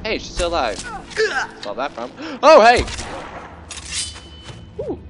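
A man's voice: high voice, wildly swooping pitch, takes it slowly. A man giving casual, jokey commentary while playing a game, slipping into silly voices. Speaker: gameplay commentator. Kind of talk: casual let's-play commentary. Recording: game music playing behind.

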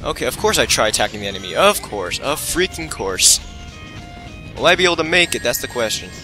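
Bright-voiced excitable male gameplay commentator. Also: mid-range voice, racing, faint music behind, rough recording. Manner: talks to himself, self-mocking and excitable. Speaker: let's play commentator.

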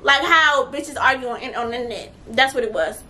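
A young adult woman telling a story on her vlog, blunt, profane and animated, her voice swinging louder at times. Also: high-pitched, brisk. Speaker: vlogger.

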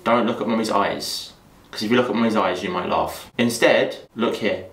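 A man's voice: on the low side, normal speed, gravelly, a bit bright, distant mic. A man, a father directing his family's home-made short film, coaching his child through her lines and apologising between takes. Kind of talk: casual on-set directing. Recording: roomy home room.

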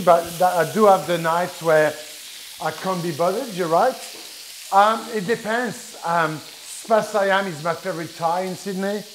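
A middle-aged French-accented chef talks his viewers through a live cooking demo, chatty and full of restarts. His voice sits a little high. A soft sizzle from the pan and a light hiss run underneath. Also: rough recording. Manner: chatty, explains step by step with many restarts. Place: kitchen with food sizzling. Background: frying sizzle.

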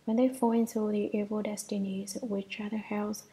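A woman reading a Buddhist sutra commentary aloud in a measured way, at times half-whispered, with small restarts. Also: medium pitch, level tone, dark tone, low-quality recording.

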